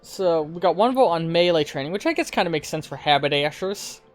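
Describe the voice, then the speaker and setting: A man's voice: on the high side, animated, brisk, faint music behind. A man streaming a game live, chatting casually and informally, swearing now and then.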